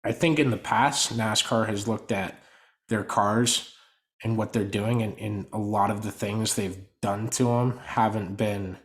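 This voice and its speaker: A man co-hosting a casual motorsport podcast. He talks in an animated way and his volume swings up and down. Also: lowish voice, measured pace. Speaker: podcast co-host. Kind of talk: casual sports podcast chat.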